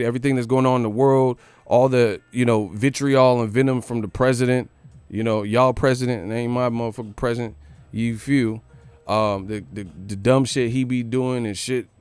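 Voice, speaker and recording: A man ranting on a live commentary stream in loose, profane street slang, circling back over his own words. His voice sits at a middling pitch. It is recorded dry and close. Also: smooth, no echo. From United States. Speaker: boxing commentary host.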